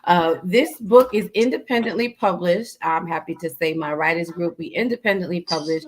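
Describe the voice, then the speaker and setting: Female guest author, lowish voice, relaxed and promotional. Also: moderate pace, low-quality recording. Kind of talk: casual interview chat.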